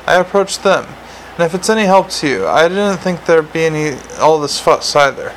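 A woman's voice: deep voice, expressive, normal speed, a little hiss or hum, poor audio. A man voicing an earnest, polite young female vampire applying to join the police. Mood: eager. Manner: polite, eager, a bit defensive.

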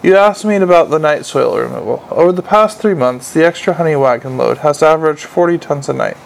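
A man's voice: on the high side, a little fast, vocal fry, slight background noise, poor audio. A man voicing an eager, pedantic little male imp who talks in a prim, literal way.

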